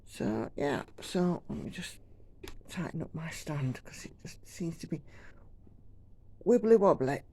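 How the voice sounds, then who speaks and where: A woman's voice: sits low, very animated, measured pace, long pauses, warm tone. A woman from the United Kingdom chatting casually and rambling while she stitches at home. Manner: chatty, rambling, self-deprecating. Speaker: cross-stitch vlogger.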